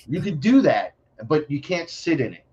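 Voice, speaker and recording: A man from the Bronx with a New York accent, a podcast guest talking in a blunt, profane, animated way. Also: on the high side, normal speed, breathy edge, dull audio. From New York City, the Bronx. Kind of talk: casual podcast chat.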